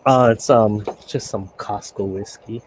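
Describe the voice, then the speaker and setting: A man's voice: lowish voice, fairly even intonation, a little hiss or hum. A man chatting on a late-night stream, talking loosely and breaking off with fillers mid-sentence. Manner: chatty, halting, with many fillers. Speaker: stream guest. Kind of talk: casual live-stream chat.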